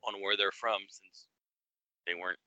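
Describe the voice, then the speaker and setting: Low-ish guy with a kinda flat, super bright voice, chiming in on a podcast. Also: no echo, highs cut off. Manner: agreeable, quick to chime in. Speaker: podcast co-host. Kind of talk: casual chat.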